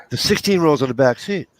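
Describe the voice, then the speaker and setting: Gravelly, lively middle-aged male storyteller. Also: fairly high pitch. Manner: animated storyteller, acts out quotes, profane jokes. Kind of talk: casual storytelling chat.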